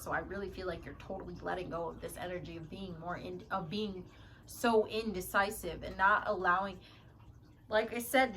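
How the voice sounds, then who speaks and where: A woman giving a relaxed tarot reading, talking in a loose, chatty way and often tripping over and correcting her words. Between readings she drops to quiet murmured asides as she draws cards. Her voice sits at an ordinary middle pitch, with a faint hum of background ambience. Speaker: tarot reader.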